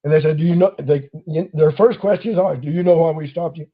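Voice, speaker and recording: A man's voice: a little high, fairly quick, phone-quality sound. A man hosting a casual talk, telling a long personal story and acting out the voices of people in it. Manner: animated storyteller acting out quoted officers. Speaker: host.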